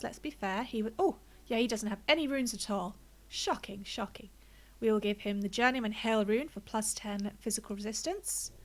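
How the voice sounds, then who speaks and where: A woman streaming a game, chatting casually and thinking aloud as she plays, a little out of breath and with a blocked nose. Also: on the high side. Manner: chatty, thinks aloud, narrates own choices. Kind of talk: casual gameplay commentary.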